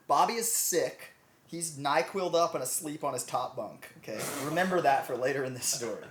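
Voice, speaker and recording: A young man, a band member, telling animated, laughing stories in a casual chat in a living room. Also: fairly high pitch, moderate pace, slight background noise. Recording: roomy echo.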